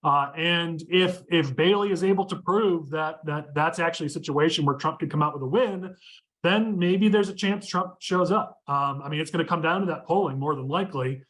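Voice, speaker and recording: A man hosting a casual political discussion podcast, talking quickly and steering the conversation with firm opinions. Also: on the high side, fairly bright tone. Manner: quick, opinionated, leads the talk. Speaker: podcast host.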